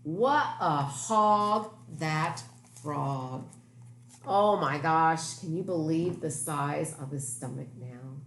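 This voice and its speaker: Lady doing a slow kids' read-aloud, lowish voice, echoey room w/ a bit of hiss. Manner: animated, exclaiming, pointing out pictures. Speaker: teacher reading a picture book aloud. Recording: echoey room with faint noise.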